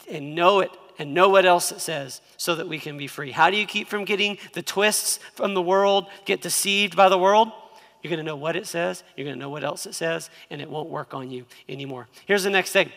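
A man's voice: fairly high pitch, fairly bright tone, in a large hall. A man in his thirties, a pastor preaching an emphatic sermon who has the congregation repeat lines after him.

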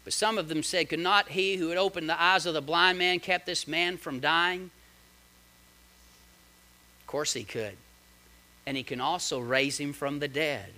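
Male pastor, sermon delivery, high voice with a very bright edge, dramatic swings in volume. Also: unhurried, pauses often. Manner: dramatic preaching with big swings in loudness and pitch; reads scripture aloud and comments on it.

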